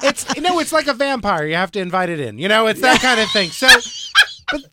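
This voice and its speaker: A man chatting as a panelist on a radio comedy show, campy and rambling, with halting restarts. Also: sits high, big pitch swings, a crowd in the background.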